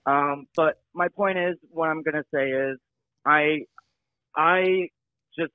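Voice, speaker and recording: A man calls in over a thin, phone-like line, his voice pitched a little high. He talks haltingly, stopping and restarting, and owns up with apologies. The sound stays very dry. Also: no echo. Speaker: show regular. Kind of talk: casual chat. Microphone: phone call.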